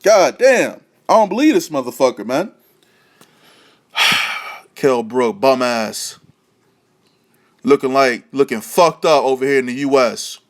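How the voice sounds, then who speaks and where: A man's voice: medium pitch, animated, a little slow, pauses often. A man giving profane boxing commentary to camera, heated, mocking and repetitive. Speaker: boxing vlogger.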